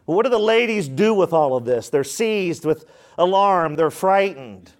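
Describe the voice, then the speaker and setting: A man preaching a sermon as pastor, with emphatic repetition and questions put to the congregation. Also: sits high.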